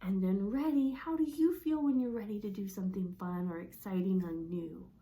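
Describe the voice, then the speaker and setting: A young adult woman who works as a speech-language pathologist demonstrates expressive read-aloud at normal speed. She reads the storybook with wide pitch swings and explains things in a friendly, teacherly way.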